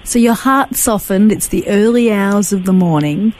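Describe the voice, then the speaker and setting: A woman's voice: mid-range voice, moderate pace, a little mellow, slight background noise, rough recording. A woman interviewing a guest, attentive and prompting with questions. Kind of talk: radio interview.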